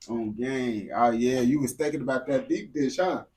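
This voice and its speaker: A man's voice: mid-range voice, moderate pace, few pauses, slight background noise. Slangy young man chatting with a game character. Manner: slangy, repetitive, swings between mumbling and excited yelling. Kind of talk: casual chat with a game character.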